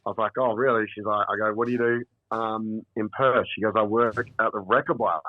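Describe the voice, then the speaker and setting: A man's voice: fairly low pitch, fairly even intonation, brisk, no room sound. Australian man telling stories over a tinny phone. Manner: rambling anecdotes with quoted dialogue. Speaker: comedian phoning in. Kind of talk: casual storytelling. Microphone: phone call.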